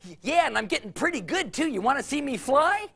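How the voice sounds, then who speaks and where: A man's voice: extremely high pitch, very animated, a little fast, vocal fry, sharp tone, voice pushed up, heavily acted. A man voicing an eager young male turtle who stammers when nervous, in a told story.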